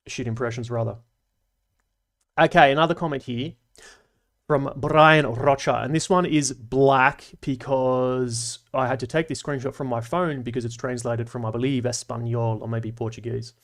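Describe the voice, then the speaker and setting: On a casual livestream, an Australian man with a medium-pitched voice reads viewers' comments aloud and answers them, chatty and analytical, with slang and dry asides.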